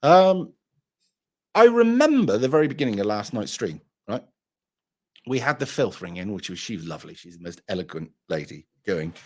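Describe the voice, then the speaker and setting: Swearing hungover man, lively pitch. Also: moderate pace, slight background noise. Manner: swearing, rambling, laughing. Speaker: livestream host. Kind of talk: crude casual chat.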